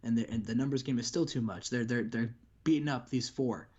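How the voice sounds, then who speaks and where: A man's voice: medium pitch, a little fast, darkish tone, breathy edge. Rambling man recapping on a dull mic. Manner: rambling storyteller, many restarts and "like". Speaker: co-host. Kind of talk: casual game recap chat.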